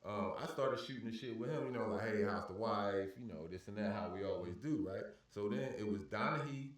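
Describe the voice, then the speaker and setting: A man telling a profane story at an animated pace, acting out shouted arguments with plenty of cursing. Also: fairly low pitch, fairly quick. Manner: heated, cursing, acts out shouted exchanges. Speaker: podcast guest telling a story. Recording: roomy echo, far from the mic.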